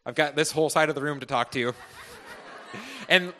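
A bright, ringing male voice, pitched a little higher than most, preaches to a congregation. He tells his testimony earnestly and with passion, rising to fervent peaks and then dropping to a hush. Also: a little fast, a little hiss or hum. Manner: earnest and impassioned, swinging between loud and hushed.

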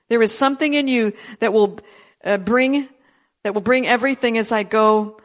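A woman's voice: fairly high pitch, normal speed. Earnest woman preaching a sermon. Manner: earnest, emphatic preaching with rising intensity on quoted prophecy; frequent restarts and fillers. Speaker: pastor.

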